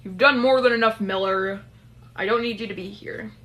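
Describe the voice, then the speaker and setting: A woman's voice: mid-range voice, normal speed, a bit bright, close to an everyday voice. A woman voicing a proud, stubborn rich male boss laid up in bed, curt, formal and dismissive. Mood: stern. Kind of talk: dramatic story reading.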